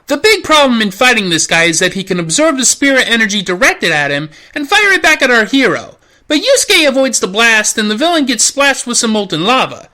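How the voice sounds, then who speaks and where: A woman's voice: fairly high pitch, sing-song, a little fast, hardly any pauses, bright, forceful tone, faint music behind. A woman host narrating a snarky, profane comedic anime review.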